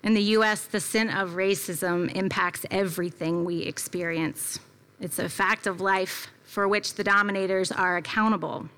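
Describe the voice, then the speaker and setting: A woman's voice: mid-range voice, fairly even intonation, normal speed, fairly bright tone, smooth. A woman preaching a conversational sermon, telling a personal story in a reflective way with casual fillers. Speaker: preacher at a church gathering.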